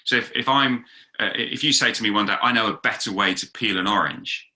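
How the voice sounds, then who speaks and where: A pastor, a man of middle age, preaching a sermon with lively storytelling and quoted voices acted out. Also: on the low side, fairly quick. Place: talk recorded for an online gathering.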